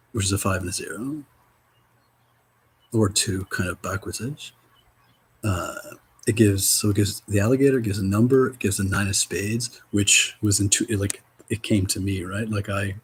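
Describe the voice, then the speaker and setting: A man in a casual spiritual vlog, reading oracle cards aloud, rambling and swearing, with loud and soft stretches. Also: lowish voice, slight background noise, poor audio. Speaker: spiritual card reader.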